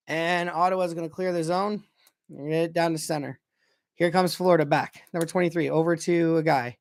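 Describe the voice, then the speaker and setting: A young man calling a hockey game casually as a fan, excitable and often correcting himself about player names. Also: a little high, normal speed, no room sound, clean studio sound. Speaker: fan commentator. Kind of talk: casual play-by-play commentary.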